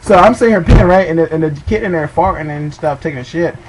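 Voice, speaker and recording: A fast-talking young man with a fairly high voice rambles through profane, funny anecdotes, cracking himself up as he goes. He's heard over a noisy crowd in poor audio, with faint background noise.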